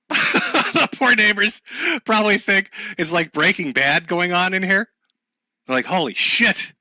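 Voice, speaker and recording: A man's voice: sits high, lively intonation, slow pace, bright, forceful tone, no room sound. A man hosting a livestream, talking in a sarcastic, profane, casual way and laughing often. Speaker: livestream host.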